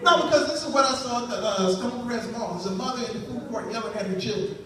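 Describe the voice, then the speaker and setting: A man's voice: extremely high pitch, quick pace, a bit bright. A man performing a stand-up set in a club, talking in a loose conversational way with rambling asides. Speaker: stand-up comedian. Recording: echoey club, distant mic, noisy.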